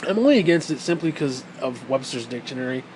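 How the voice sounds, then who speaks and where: A man's voice: mid-range voice, animated, fast talker, darkish tone, slight background noise, rough recording. A man delivering a heated, profane and sarcastic ranting monologue as a vlogger.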